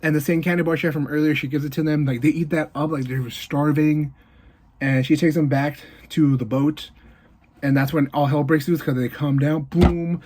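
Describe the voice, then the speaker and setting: With a voice on the high side, a man gives an offhand movie review, narrating the plot animatedly and scattering fillers and brief asides throughout.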